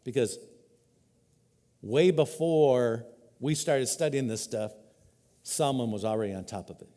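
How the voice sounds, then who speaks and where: A man preaching a sermon as a pastor, earnest, swinging between loud emphatic peaks and quiet, dropped-down lows. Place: church hall. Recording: live hall reverb.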